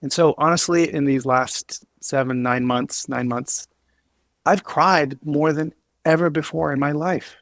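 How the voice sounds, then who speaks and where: A man speaking as a podcast guest, earnest and emotional, halting with many restarts and fillers. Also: a little high, steady tone, a bit bright, no room sound, studio quality. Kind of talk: candid interview talk.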